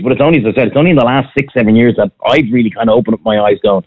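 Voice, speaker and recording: Irish man, fast blunt rant, husky voice, dry narrow phone-like audio. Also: medium pitch. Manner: blunt, ranting, animated. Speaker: podcast co-host, former restaurant owner. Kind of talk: casual opinionated chat.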